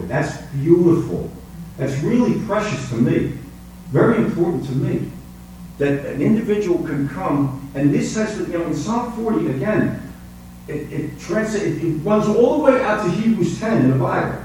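Male preacher, sermon delivery, quiet then soaring emphasis, distant mic in a very echoey hall. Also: expressive, normal speed, slight background noise. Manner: swings from soft, low musings to high, emphatic preaching.

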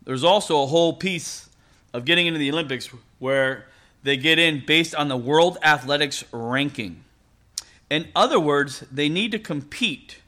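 A man's voice: on the high side, normal speed, bright, forceful tone. A middle-aged man preaching a sermon as a pastor, in a conversational storytelling manner with frequent laughs.

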